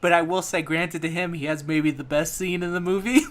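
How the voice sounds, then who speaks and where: A man's voice: a little high, steady tone, fairly quick, a bit bright. A young man co-hosting a podcast, joking and riffing casually while discussing a movie. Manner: joking, riffing banter with mock impressions. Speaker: podcast co-host.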